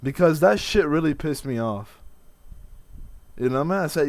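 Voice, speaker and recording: A man's voice: fairly high pitch, expressive, moderate pace, no echo. A man in his twenties venting in a rambling, profane vlog with many restarts. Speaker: vlogger.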